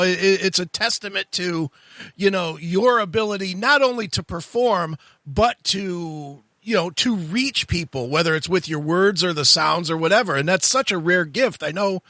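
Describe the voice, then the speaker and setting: A male host with a high voice and a bright, forward tone leads a radio interview, effusive and admiring. The sound is dry and close. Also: dry recording.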